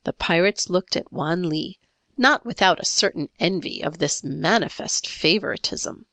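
A woman narrating a classic story in a measured, expressive reading. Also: on the low side, dry recording.

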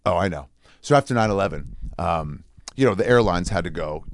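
A man's voice: sits low, animated, brisk, dry recording, clean studio sound. A man in his forties, a comedian delivering a rambling, profane, sarcastic monologue.

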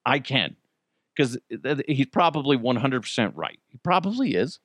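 A man hosting a solo commentary show, ranting with heavy swearing and swinging between loud outbursts and low muttered asides. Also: sing-song, moderate pace, no echo, clean studio sound. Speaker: show host.

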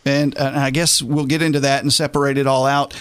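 A man's voice: medium pitch, little pitch movement, fairly quick, clear, resonant tone. A man hosting a casual radio show about beer, jokey and chatty, speaking from a studio mic. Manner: jokey, chatty, with frequent fillers. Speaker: radio host.

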